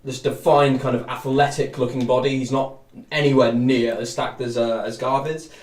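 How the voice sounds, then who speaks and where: A man's voice: mid-range voice, level tone, moderate pace, darkish tone. A man narrating as game master, rambling with lots of hedging fillers. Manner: rambling, many fillers and restarts. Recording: roomy, distant mic.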